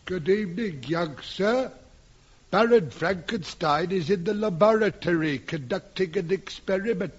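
A man's voice: sits high, a little slow. A man voicing a solemn old male butler in a comic radio sketch. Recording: lo-fi old radio recording with hiss.

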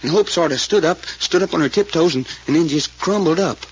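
A man's voice: a little high, brisk, husky. An actor playing a folksy, plainspoken man in a 1940s radio drama, telling what he saw. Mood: earnest. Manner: drawling, hesitant, plainspoken storyteller. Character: folksy rural male witness called Doc. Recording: dull old radio recording, faint hiss.

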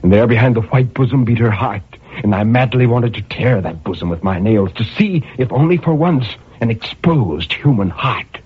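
Husky lowish guy reading a dark story, brooding, pitch moves a lot, sounds like an old phone line. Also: animated. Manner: brooding, intense, measured. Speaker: narrator. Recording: tinny phone-like audio.

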